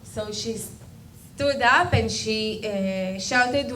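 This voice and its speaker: A young woman with an Israeli accent, native Hebrew, giving a personal testimony to a community audience, halting and searching for words with many pauses. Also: a little high, sharp tone, echoey room. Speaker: guest speaker. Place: community event hall. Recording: distant mic with faint background noise.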